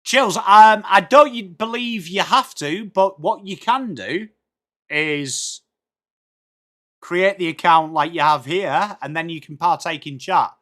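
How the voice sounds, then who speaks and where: A man with an English accent hosts a live football watchalong, chatting away to his viewers. He greets them by name and throws in jokes as he goes, his voice sitting slightly high for a man. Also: takes it slowly, a bit bright. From England. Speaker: streamer hosting a football watchalong. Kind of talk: casual live-stream chat reading out viewer comments.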